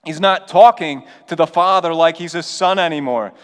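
A pastor preaching a sermon in an earnest, conversational way with urgent appeals. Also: male voice, fairly high pitch, moderate pace, a bit bright, clear, resonant tone, in a large hall. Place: church.

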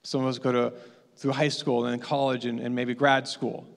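A man's voice: mid-range voice, level tone, moderate pace, creaky. Emphatic preaching man in a reverberant hall. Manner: emphatic, repetitive preaching cadence. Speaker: pastor. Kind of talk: sermon.

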